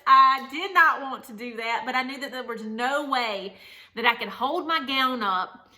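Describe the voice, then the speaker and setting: Young woman vlogging, chatty and candid, bright clear voice, kinda high. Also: normal speed. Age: young adult. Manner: chatty, animated, candid, laughing. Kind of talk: casual storytelling to camera.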